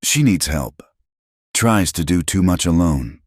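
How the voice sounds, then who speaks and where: A man's voice: deep voice, lively intonation, unhurried, no room sound, studio quality. A man voicing a stern elderly farm wife with a Norwegian accent who speaks in blunt, clipped broken English.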